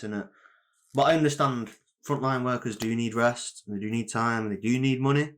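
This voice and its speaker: A man's voice: medium pitch, brisk, a bit bright. A young man co-hosting a podcast in casual chat, rambling and slangy, swearing freely. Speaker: podcast co-host.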